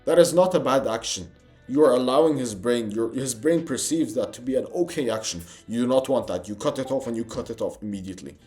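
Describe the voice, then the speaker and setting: A man's voice: medium pitch, lively intonation, fairly quick, a little mellow, soft background music. A young man giving a motivational self-improvement monologue, intense and emphatic, swearing and calling the listener bro.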